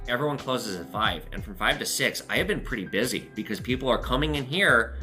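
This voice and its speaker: Blunt, bright-voiced man telling shop stories. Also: mid-range voice, animated, a little fast, soft background music. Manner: blunt, profane storytelling with lessons. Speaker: pawn shop owner and host. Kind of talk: casual monologue to viewers. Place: his shop.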